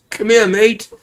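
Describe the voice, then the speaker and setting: A man's voice: high-pitched, darkish tone, voice pushed up. A man voicing a teasing British man who calls out to an American in a mocking sing-song.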